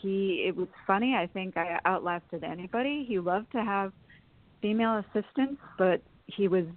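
A woman's voice: medium pitch, moderate pace. A woman being interviewed, telling long personal stories in a chatty way and laughing often. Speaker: interview guest. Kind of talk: storytelling in a phone interview. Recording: phone-line sound.

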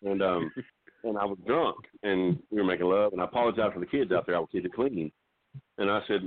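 A middle-aged man calling in to a talk show, telling meandering jokes with halting restarts. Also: deep voice, no room sound. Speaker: regular caller. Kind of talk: rambling comedic call-in chat. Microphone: phone. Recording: dry tinny phone line.

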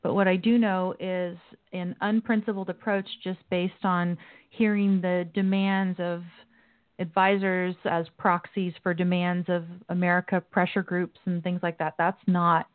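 Lady host talking politics, steady and opinionated, dry phoney sound. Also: lowish voice, no room sound, phone-quality sound. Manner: measured, opinionated commentary. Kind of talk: talk show hosting.

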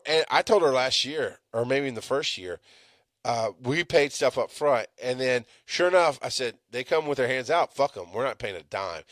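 A middle-aged man hosting a live podcast, ranting with lots of swearing, swinging from loud outbursts to low mutters. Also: no room sound, studio quality. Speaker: podcast host.

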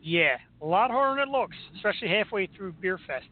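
A man with a high voice hosts a casual radio chat, spinning jokey stories and laughing between them. The sound is narrow and tinny, like a phone line. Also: lively intonation, fairly quick. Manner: storytelling, jokey, laughs often. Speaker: radio show host.

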